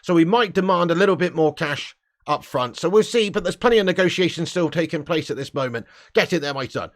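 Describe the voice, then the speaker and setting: A man's voice: fairly high pitch, animated, brisk. A man hosting a casual live-stream fan show, blunt and sweary, laughing between rants.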